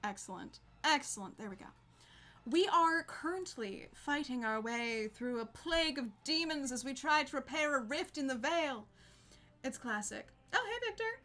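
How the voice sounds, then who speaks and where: A woman's voice: high voice, normal speed, bright, forceful tone. A woman streaming a game, chatting casually with viewers, bubbly and laughing often. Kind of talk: casual gameplay chat with viewers.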